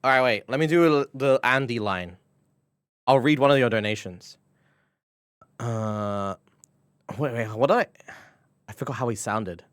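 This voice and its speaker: A man's voice: medium pitch, measured pace, pauses often, a bit bright, smooth, no echo, clean studio sound. A man with a British accent chatting playfully with his viewers on a live stream, often breaking into giggles. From Britain. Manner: playful, giggly, reacting to chat.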